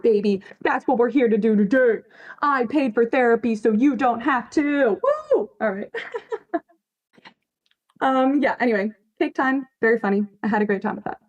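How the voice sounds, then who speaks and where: A woman chatting casually on a livestream, emphatic, swearing freely and laughing often as she answers her chat. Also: fairly high pitch. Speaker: fanfiction writer on a livestream.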